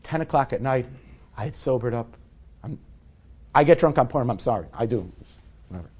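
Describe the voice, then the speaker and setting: A man's voice: mid-range voice, animated, fairly quick, a little mellow, husky. A man in his forties telling a personal story to a live audience in a candid, conversational, self-deprecating way. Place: event hall with a live audience.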